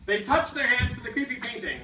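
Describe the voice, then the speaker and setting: A woman's voice: fairly high pitch, big pitch swings, brisk, music in the background. A woman directing and narrating a children's story play, guiding the young actors and feeding them their lines. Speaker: children's drama teacher. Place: rehearsal room with children. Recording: echoey room, distant mic, background noise.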